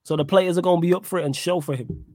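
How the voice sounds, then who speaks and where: A man's voice: high voice, steady tone, rapid-fire, darkish tone, no echo. A man hosting a football podcast, laid-back and teasing in casual chat. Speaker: podcast host.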